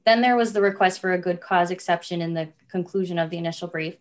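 A woman's voice: lowish voice, quick pace. A woman, an attorney for a state agency, giving a formal and persuasive appellate argument. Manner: formal, persuasive, asks listeners to imagine cases. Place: courtroom.

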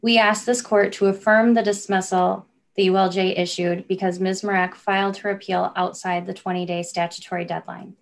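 A woman's voice: mid-range voice, flat delivery, moderate pace, creaky. Woman attorney arguing before a court. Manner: formal, persuasive, asks listeners to imagine cases. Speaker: attorney for a state agency. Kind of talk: appellate oral argument.

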